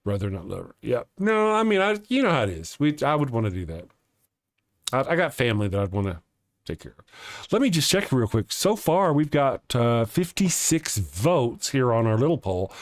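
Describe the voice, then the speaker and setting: A man's voice: medium pitch, big pitch swings, normal speed, no echo, studio quality. A man hosting a live stream in casual chat, rambling and chuckling as he reads viewer comments aloud. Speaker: live-stream show host.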